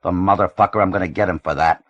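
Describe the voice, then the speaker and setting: A man reading the part of an excitable young gang member who exclaims crudely, in an audiobook. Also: low voice, fast, dry recording, highs cut off. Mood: agitated.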